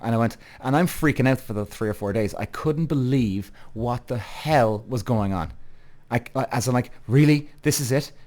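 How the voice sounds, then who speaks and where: A man's voice: mid-range voice, moderate pace, darkish tone. A man in his thirties hosting a podcast, ranting heatedly with frequent swearing and repetition, speaking straight to his listeners. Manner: heated, swearing, repeats himself, addresses listeners as guys. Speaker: podcast host. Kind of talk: animated solo podcast rant.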